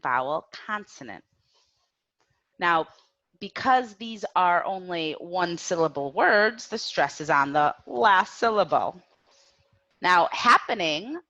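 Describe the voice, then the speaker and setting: A woman teaching a grammar lesson, speaking slowly and clearly and having learners repeat after her. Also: on the low side, pushed and bright, dull audio. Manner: slow, clear, drills learners with repetition. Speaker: English teacher.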